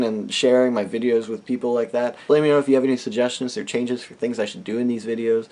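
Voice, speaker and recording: A young man tells a comic story straight to camera. His delivery is animated and chatty, with sudden loud, silly noises that he plays for laughs. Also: medium pitch, fast talker, hardly any pauses. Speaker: vlogger.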